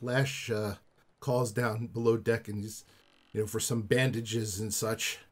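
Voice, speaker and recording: Husky male game master, casual narrator. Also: lowish voice, level tone, measured pace.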